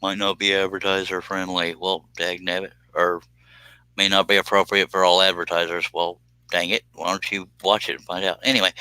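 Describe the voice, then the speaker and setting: Deep-voiced folksy man chatting while he works. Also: bright, forceful tone, smooth, no room sound, poor audio. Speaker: livestream host. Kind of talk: casual live-stream chat. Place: workshop, cutting on a scroll saw.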